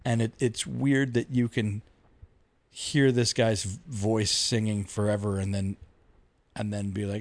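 A man's voice: on the low side, flat delivery, a little slow, no echo. A man co-hosting a podcast in casual chat, rambling through stories with mock-outraged quotes. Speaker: podcast co-host.

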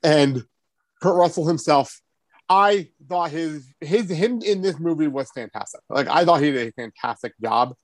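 A man's voice: fairly high pitch, animated, moderate pace, no echo. A man hosting a podcast, chatting enthusiastically and laughing often. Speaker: podcast host. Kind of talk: casual chat.

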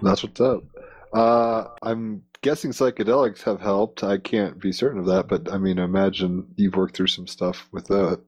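Low husky male host, dry sound. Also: level tone, normal speed, no echo, muffled recording. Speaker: podcast host. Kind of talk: casual interview chat.

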